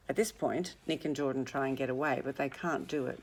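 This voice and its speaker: A woman with a low voice reads passages aloud and steps out to explain them. Her asides are conversational and explanatory, in the manner of a literature teacher. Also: brisk, hardly any pauses. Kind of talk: reading and commenting on a novel.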